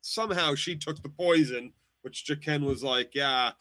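A man co-hosting a recap show, talking excitedly with many stumbling restarts. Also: fairly high pitch, normal speed, no echo. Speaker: podcast co-host. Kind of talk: casual chat.

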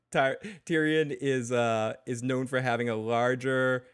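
A man hosting a casual episode-recap podcast, excitable and rambling with many restarts, reading out listener comments. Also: medium pitch, unhurried, clean tone. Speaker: podcast host.

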